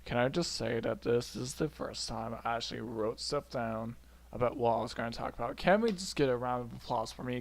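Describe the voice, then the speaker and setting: A man's voice: mid-range voice, gravelly. A young man in his first college semester, chatting playfully and casually as he gives advice in a vlog, often checking in with "okay?" and "you know?". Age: young adult. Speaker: college freshman vlogger.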